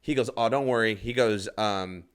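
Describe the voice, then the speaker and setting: A man's voice: on the low side, moderate pace, smooth. A man, a stand-up comedian, telling a rambling story in casual podcast talk, acting out other people's lines and swearing freely.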